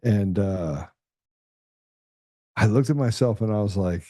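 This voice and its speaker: A man hosting a podcast, telling blunt, profane, animated stories in a casual conversational way. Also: lowish voice, measured pace, no echo, clean studio sound. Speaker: podcast host.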